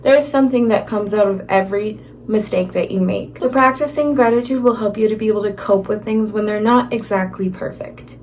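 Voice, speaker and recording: A woman's voice: medium pitch, fairly quick, hardly any pauses, a little mellow, a little hiss or hum. A young woman talking to camera in a chatty, casual advice vlog, with lots of filler words and self-deprecating asides. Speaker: vlogger.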